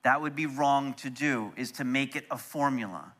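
A middle-aged man preaching, telling a personal story in an animated way that turns soft and quiet when he is moved. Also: mid-range voice, normal speed. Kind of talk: storytelling sermon.

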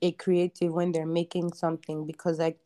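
A young woman guest on a podcast, talking in a relaxed, reflective way with many fillers. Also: on the low side, fairly quick. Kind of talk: casual chat.

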